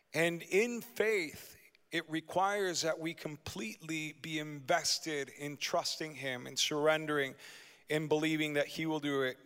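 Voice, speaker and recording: A man pastor preaching a lively sermon in a church, asking the congregation rhetorical questions. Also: on the high side, clear, resonant tone. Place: church sanctuary. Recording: long hall reverb.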